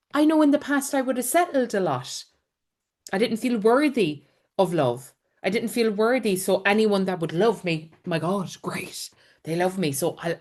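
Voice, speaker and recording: A middle-aged woman leads a spiritual teaching session on a live call. She speaks in an earnest, encouraging way and draws on her own life. Her voice sits at an ordinary pitch for a woman. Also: darkish tone. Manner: earnest, encouraging, personal storytelling. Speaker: spiritual coach and healer.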